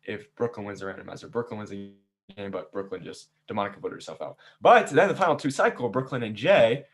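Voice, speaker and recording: Male host, casual after-show recap, lively storyteller who voices the players. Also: on the low side, fast talker. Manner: animated storytelling, acts out players' quotes. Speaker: game host recapping a season. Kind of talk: casual chat.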